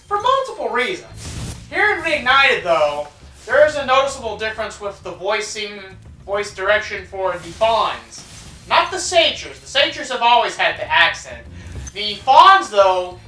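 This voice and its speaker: A woman's voice: mid-range voice, bright, forceful tone. A woman hosting a casual let's play, chatting and joking about the game as she plays. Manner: chatty, joking, self-deprecating. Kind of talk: casual gameplay commentary. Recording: roomy, distant mic with game music.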